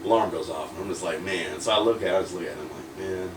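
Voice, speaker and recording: A wrestler appearing as a guest in a casual interview tells a rambling story packed with fillers, acting out the quoted lines. His voice is low and he talks very fast. The recording has a roomy echo and faint noise, with him sitting far from the mic.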